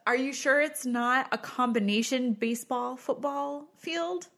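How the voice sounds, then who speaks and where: A woman's voice: on the high side, fairly even intonation, a bit bright. Chatty woman podcaster. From United States. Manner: chatty, jokey, quick to exclaim. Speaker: podcast co-host. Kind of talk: casual chat.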